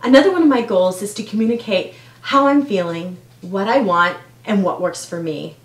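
A woman speaking as a parenting coach, giving earnest, measured advice on how to talk with children. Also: mid-range voice. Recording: roomy echo, faint background noise.

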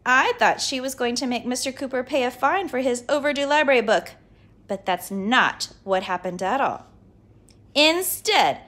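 Expressive woman reading a kids' book. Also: high voice. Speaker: storybook reader. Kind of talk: read-aloud children's book narration.

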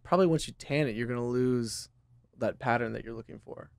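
A man's voice: mid-range voice, brisk, vocal fry. A man from Texas, a company founder, chatting as a podcast guest and explaining things earnestly with many fillers. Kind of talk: casual podcast chat.

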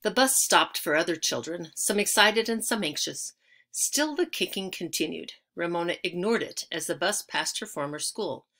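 Bright-voiced woman reading a children's story. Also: fairly low pitch, animated, moderate pace. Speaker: audiobook reader. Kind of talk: reading a children's chapter book aloud.

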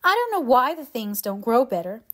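A woman voicing an eager, excitable little boy who loves mud. She gives him a chatty, boastful delivery in a higher boyish pitch. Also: moderate pace.

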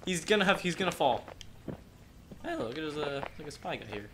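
A man playing an online game, excitable and mocking, laughing often in casual chat. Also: a little high, fairly quick, slight background noise. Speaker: game player.

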